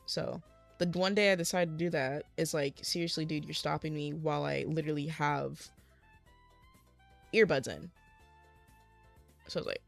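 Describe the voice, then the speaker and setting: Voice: mid-range voice, creaky. A young adult craft livestreamer telling a long, exasperated story in a rambling, casual way while working on a craft, acting out what other people said. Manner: rambling, exasperated venting with acted-out quotes.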